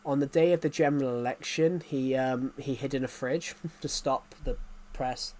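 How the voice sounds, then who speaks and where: A man's voice: medium pitch, fairly even intonation, moderate pace, darkish tone. Rambling streamer guy. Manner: rambling, repeats phrases, frequent chuckles. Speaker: game streamer. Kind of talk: casual live-stream chatter.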